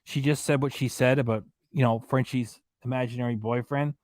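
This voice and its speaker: A man's voice: mid-range voice, fairly even intonation, a little fast, darkish tone, no echo, studio quality. A man delivering angry, indignant commentary, ranting and repeating himself. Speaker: reaction channel commentator.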